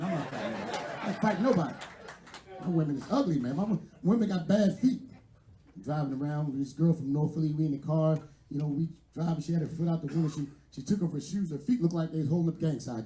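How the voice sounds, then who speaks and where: A man's voice: fairly high pitch, warm tone, roomy sound, a little hiss or hum. A man from West Philadelphia with a Philadelphia accent, doing a brash, profane stand-up set with crowd work at a live venue. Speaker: stand-up comedian.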